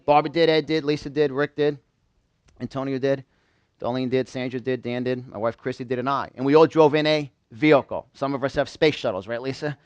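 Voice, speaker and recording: A man's voice: mid-range voice, fairly even intonation, brisk, smooth, dry recording, highs cut off. A man from New York giving a live motivational seminar, quizzing a small audience in call-and-response. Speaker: motivational speaker.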